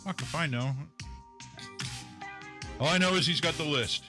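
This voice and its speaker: A man's voice: on the high side, unhurried, over music. A man co-hosting a live stream, chatting casually in a blunt, profane, teasing way. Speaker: co-host of a live reaction stream. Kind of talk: casual chat.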